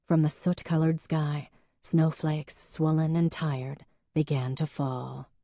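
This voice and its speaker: A woman's voice: steady tone, slow, dark tone, no room sound, studio quality. A woman narrating an audiobook, acting out the characters in a heated argument. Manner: voices characters with rising pitch and force in heated dialogue.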